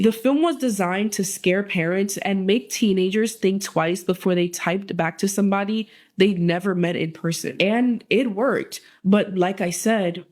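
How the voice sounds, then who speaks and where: A video host telling a true crime story in a measured, emphatic way. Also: mid-range voice, a little mellow.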